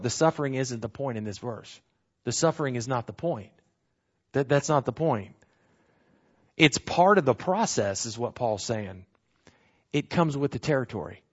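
A man's voice: medium pitch, muffled recording. A man teaching through bible verses in a sermon, explaining word meanings and repeating key phrases for emphasis.

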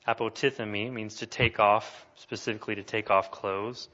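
A man's voice: lowish voice, steady tone, normal speed, hardly any pauses, pushed and bright. A man preaching a sermon as pastor, earnest and building to emphatic declarations. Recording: dull lo-fi sound.

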